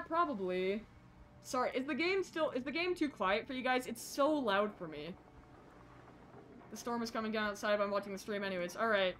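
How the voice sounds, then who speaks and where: A woman's voice: on the high side, a bit bright, slight background noise. A young woman streaming a horror game live, jittery and self-deprecating, chatting with her viewers. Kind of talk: casual live gameplay commentary.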